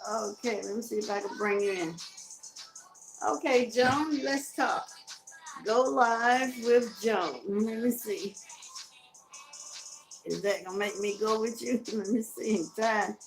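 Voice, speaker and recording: A woman's voice: mid-range voice, slow pace, long pauses, roomy sound, over music, poor audio. A woman with a Southern US accent, hosting a casual live stream, chatting, laughing and reading out viewer comments. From Carolinas, US South. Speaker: live-stream host promoting a music tour.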